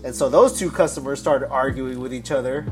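A man's voice: mid-range voice, fairly quick, a little mellow, soft background music. A man telling a story in a casual podcast chat, rambling and cursing with frequent restarts.

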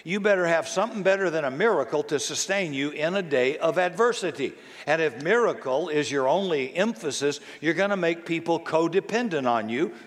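Male pastor with a somewhat high voice, preaching conversationally and quizzing the congregation, with long church reverb. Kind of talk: sermon. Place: church sanctuary.

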